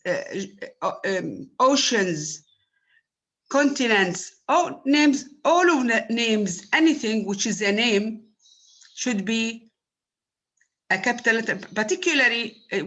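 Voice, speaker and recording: Slow, patient woman lecturer. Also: on the high side, a bit bright. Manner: slow, patient explaining with many fillers. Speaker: university lecturer. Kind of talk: recorded online lecture.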